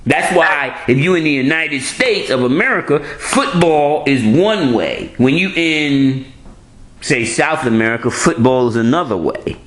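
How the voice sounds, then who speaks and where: A man's voice: on the high side, expressive, unhurried, a bit bright, reverberant, rough recording. A man in casual conversation, telling stories in a streetwise, profane way with frequent restarts. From New York.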